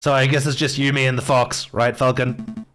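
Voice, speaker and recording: A man's voice: medium pitch, level tone, normal speed, a bit bright, soft background music, close to an everyday voice. A man voicing an eager, dim male sparrow assistant in a game, talking in a brash, cheeky way in a raised voice.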